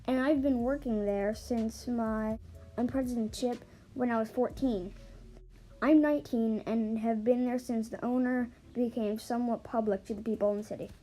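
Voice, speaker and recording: A woman's voice: a little high, steady tone, moderate pace, mellow. A woman reading an online forum story aloud, with small stumbles and restarts along the way. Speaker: story reader. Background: faint background music.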